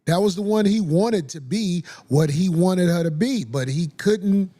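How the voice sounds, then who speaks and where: High-pitched guy, blunt and profane, just talking his mind on a podcast. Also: lively intonation, measured pace, mellow. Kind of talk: blunt casual talk.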